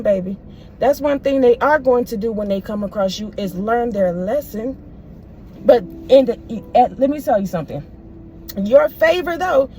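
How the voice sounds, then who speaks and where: Warm-voiced woman giving a preachy reading. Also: sits high, slight background noise. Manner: preachy and emphatic, keeps calling listeners "baby"; casual, repetitive, slangy phrasing. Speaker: spiritual reader. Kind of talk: spiritual reading message to viewers.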